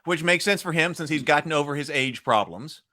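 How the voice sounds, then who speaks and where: Animated, bright-voiced male podcast host. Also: a little high. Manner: animated, chatty, quick to laugh. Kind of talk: casual film discussion.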